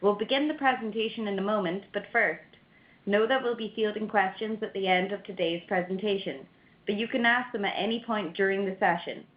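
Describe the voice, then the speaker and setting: A woman's voice: mid-range voice, brisk. A woman hosting a webinar, reading the announcements and a speaker introduction. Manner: reads announcements and a speaker bio. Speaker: webinar host. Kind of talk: scripted introduction. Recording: roomy, dull lo-fi audio.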